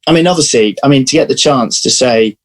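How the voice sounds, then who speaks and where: Man, actor guest, anecdotal, lively storyteller, casual video call chat, middle pitch. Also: fast, rough recording.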